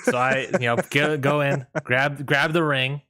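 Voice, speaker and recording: A man's voice: medium pitch, steady tone, measured pace, sharp tone. A young man co-hosting a podcast, telling a rambling story in casual chat and laughing often. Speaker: podcast co-host.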